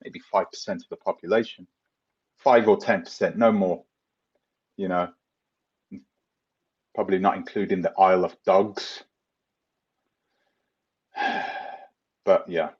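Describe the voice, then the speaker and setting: A man's voice: low-pitched, fairly even intonation, unhurried, long pauses, slightly rough, highs cut off. A man with a London accent hosts a live Q&A stream, rambling casually, laughing and answering viewers by name. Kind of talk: live Q&A reading viewer comments.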